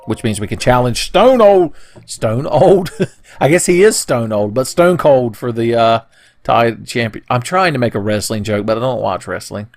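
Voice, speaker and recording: A man's voice: medium pitch, animated, normal speed, no room sound, clean studio sound. A young man casually commentating a video game playthrough, joking, swearing and putting on silly voices. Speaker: let's play commentator.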